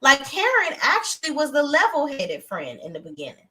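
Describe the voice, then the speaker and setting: A young woman hosting a live TV review stream, talking in a blunt, animated, outspoken way with features. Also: high-pitched, moderate pace. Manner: animated, outspoken, breaks into acted voices of characters. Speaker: TV review show host.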